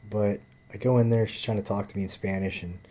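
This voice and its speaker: A man with a fairly low, mellow voice tells a rambling story in a loose, casual way. He swears constantly and fills his sentences with "like" and "you know." It is relaxed, unscripted vlog talk. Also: quick pace. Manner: profane, rambling, lots of fillers.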